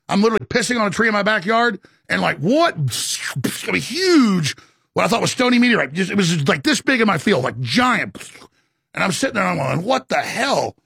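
A man with a high, gravelly voice rants at full tilt, stumbling over repeated words as he pushes on. His husky tone sits close and dry, with no room around it. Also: a bit bright, no room sound. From Texas. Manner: ranting, rapid and repetitive. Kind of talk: impassioned monologue.

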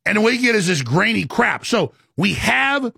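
Gravelly, husky high-voiced man ranting. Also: very animated, normal speed, pushed and bright, dry recording, clean studio sound. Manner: rambling, emphatic, with many stammered restarts. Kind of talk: impassioned monologue.

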